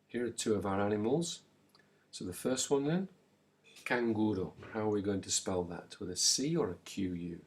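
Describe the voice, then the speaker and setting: Male language teacher, lowish voice, slow and clear, leaves pauses for repetition. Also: expressive. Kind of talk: recorded language lesson.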